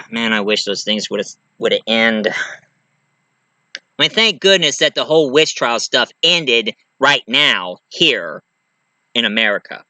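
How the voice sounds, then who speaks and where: A man's voice: mid-range voice, lively intonation, takes it slowly, long pauses, sharp tone, dry recording. A man casually retelling a movie plot as a reviewer, rambling and chatty, with loose grammar and many fillers.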